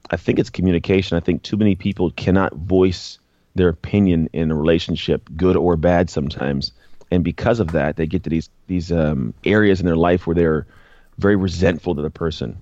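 A man's voice: deep voice, dark tone, no echo, muffled recording. A man guest speaking earnestly in a casual conversation, often repeating words as he thinks. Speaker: guest, former pro football player and author.

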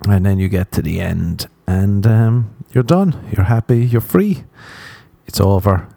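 A man's voice: lowish voice, lively intonation, a little slow, gravelly, warm tone, no room sound. A young man hosting a podcast, rambling through a crude comic monologue and laughing at his own jokes. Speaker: podcast host.

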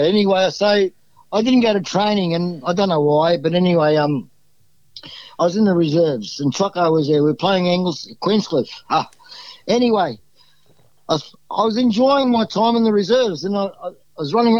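A man's voice: high voice, darkish tone, no room sound, lo-fi sound. An Australian man talking as a podcast guest, telling rambling, exuberant stories full of restarts. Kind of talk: casual storytelling.

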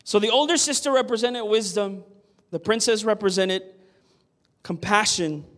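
High-voiced preacher in an echoing hall. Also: male voice, normal speed, a bit bright. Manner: earnest, emphatic, asks the crowd "Amen?". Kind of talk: sermon. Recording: long hall reverb.

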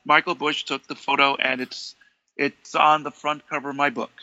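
A man talks as an interview guest, with a gravelly, strongly bright voice. He tells his stories in an animated way and acts out each line of dialogue himself. The sound is dry and a little dull. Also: a little high, moderate pace, dry recording. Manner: animated, acts out quoted dialogue, many restarts. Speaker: interview guest, longtime fan. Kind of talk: conversational storytelling.

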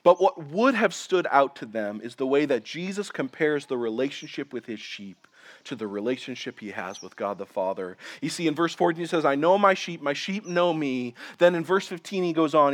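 A man in his thirties preaching a sermon as pastor, earnest, slowing down and dropping quiet for emphasis. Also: lively intonation. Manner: earnest preaching, slows for emphasis, drops to quiet low lines.

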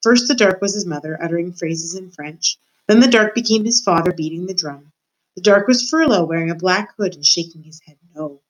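A woman teacher reading a children's book aloud to her class, warm and expressive in her storytelling. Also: lowish voice, fairly quick, low-quality recording.

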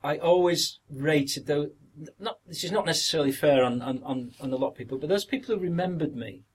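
A man's voice: on the high side, brisk, husky, low-quality recording. An older man with a Yorkshire accent, an actor telling stories in an interview, rambling and repeating words, sometimes acting out what others said. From Yorkshire, northern England. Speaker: actor, podcast guest. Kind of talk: anecdotal interview reminiscence.

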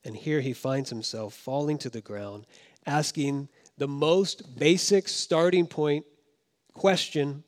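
A man preaching a sermon as pastor, swinging from loud emphasis down to hushed, quiet tones. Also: a little high, slow pace. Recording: long hall reverb.

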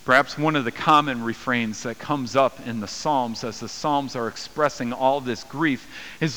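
Man, pastor, earnest sermon, bright forceful tone, long hall echo. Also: moderate pace. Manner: earnest, rises in pitch for quoted voices.

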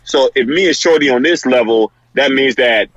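A man's voice: mid-range voice, normal speed, no echo, lo-fi sound. A man co-hosting a podcast, talking bluntly in casual banter and telling stories with energy. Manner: blunt, animated storytelling. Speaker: podcast co-host.

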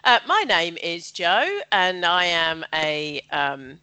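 A woman's voice: lowish voice, sing-song, slow, sharp tone, clear, resonant tone. A woman, a chatty podcast guest who laughs often and uses many fillers, talking over a video call. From West Sussex, England. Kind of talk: casual chat. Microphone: computer mic on a video call.

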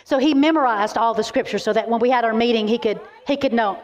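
A middle-aged woman, giving a keynote as animated, emphatic sermon-style storytelling. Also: on the high side, lo-fi sound. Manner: animated and emphatic, quick asides. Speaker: keynote speaker. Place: large event venue.

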